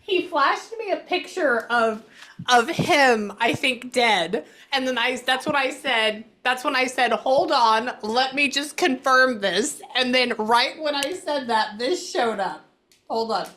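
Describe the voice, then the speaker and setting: A woman psychic medium giving a casual reading, animated and blunt, swearing freely as she relays messages. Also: high-pitched, slow pace.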